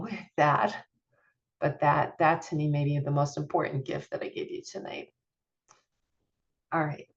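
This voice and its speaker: A woman's voice: lowish voice, dull audio. A middle-aged woman, a parent coach, giving an online masterclass in an earnest, encouraging, chatty way with small laughs.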